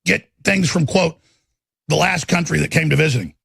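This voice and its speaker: Middle-aged male host with a raised, raspy voice, ranting furiously and repeating himself on a live broadcast. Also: fairly high pitch, normal speed, a bit bright, no echo. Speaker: talk radio host. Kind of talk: angry political broadcast rant.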